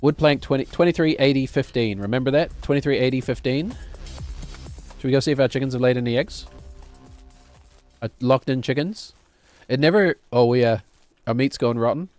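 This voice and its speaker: A man's voice: medium pitch, fairly quick, pauses often, a little mellow, soft background music. A man streaming a game, rambling and joking to himself as he plays. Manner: rambling, jokey, talks to himself while playing. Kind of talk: casual gameplay commentary.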